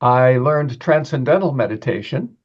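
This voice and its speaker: A man's voice: medium pitch, expressive. Reflective man on a dull remote line. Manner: reflective, measured storytelling. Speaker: guest, author. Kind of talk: interview.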